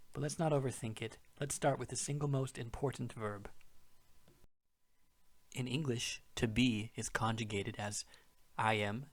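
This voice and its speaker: A man's voice: mid-range voice, steady tone, unhurried, long pauses. Patient man teaching a language lesson. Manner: clear, patient, explains step by step. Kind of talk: scripted language lesson narration.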